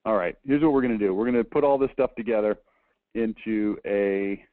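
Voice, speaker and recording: A man's voice: on the low side, a little fast, no echo. Man lecturing over tinny, phone-like audio. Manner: tag "okay?" at the end of points, talks with frequent restarts. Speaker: presenter reviewing a book. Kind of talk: conversational slide lecture.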